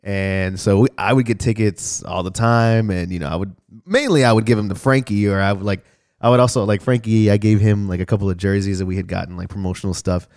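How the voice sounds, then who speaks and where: A man's voice: lowish voice, brisk. A young man from Houston chatting casually on a podcast, telling a story in a laid-back way with a lot of swearing. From Houston, Texas. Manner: laid-back, swears a lot, acts out voices loudly when telling stories.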